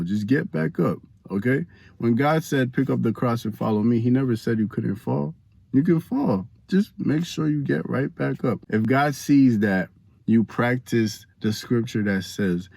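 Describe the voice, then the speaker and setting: A man giving casual faith advice to the camera, animated and slangy, talking straight to viewers. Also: fairly low pitch, no echo. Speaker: Christian vlogger giving advice.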